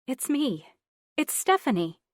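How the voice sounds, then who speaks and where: A woman's voice: high-pitched, big pitch swings, measured pace, dry recording, studio quality, pitched above the performer's own voice. A woman voicing an anxious young woman who reassures urgently, then turns indignant. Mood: reassuring.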